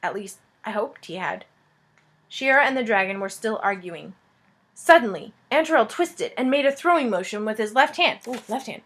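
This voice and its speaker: Woman reader, storybook narration, lively, slightly high voice. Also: normal speed. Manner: lively, expressive. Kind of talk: storybook read-aloud narration.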